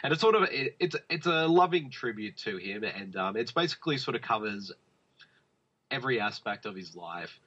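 Man, husky voice, forceful tone, rambling film chat, dull lo-fi podcast recording. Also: mid-range voice, expressive, normal speed. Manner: rambling, many fillers and restarts. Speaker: podcast co-host. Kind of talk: casual film review chat.

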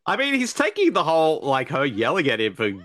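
A man's voice: fairly high pitch, wildly swooping pitch, brisk, a bit bright, dry recording, clean studio sound. A man co-hosting a casual movie commentary, joking and hesitating with fillers. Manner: jokey, laughing often, hesitant fillers. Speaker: podcast co-host.

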